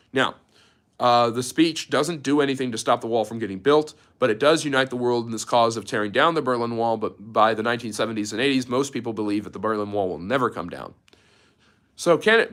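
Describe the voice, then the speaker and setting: A man's voice: medium pitch, fairly bright tone. A man giving a loose, unscripted history lecture on a livestream, full of fillers and restarts, stopping now and then to answer viewer chat. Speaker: history teacher.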